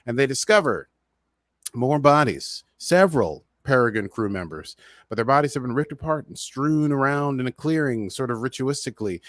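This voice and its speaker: A man's voice: mid-range voice, animated, moderate pace, a bit bright, no echo, clean studio sound. A man hosting a podcast, casually recapping a TV episode in a rambling, chatty way with many fillers. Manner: rambling, chatty, full of "uh" and "so he's like". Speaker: podcast host.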